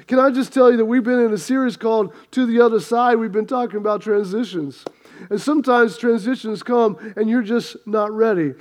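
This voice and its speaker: High-voiced man preaching a sermon. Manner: storytelling, quick and animated, many restarts. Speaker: pastor. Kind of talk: sermon with a joke.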